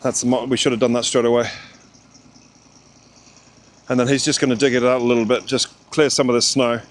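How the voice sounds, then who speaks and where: A man's voice: medium pitch, level tone, fairly quick, slight background noise. A man vlogging outdoors in the snow, chatty and reassuring as he gives directions. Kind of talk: casual vlog chat.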